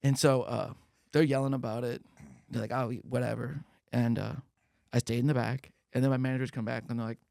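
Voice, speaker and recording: A man's voice: brisk, creaky, no echo. A man co-hosting a podcast, telling stories in casual chat and acting out the people in them with big jumps in his voice. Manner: animated, acts out quotes with big pitch jumps. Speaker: podcast co-host, comedian. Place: podcast studio.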